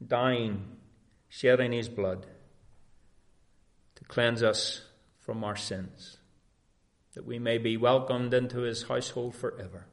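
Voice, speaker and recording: A man's voice: medium pitch, steady tone, slow, long pauses. A man preaching a sermon in an earnest, emphatic way.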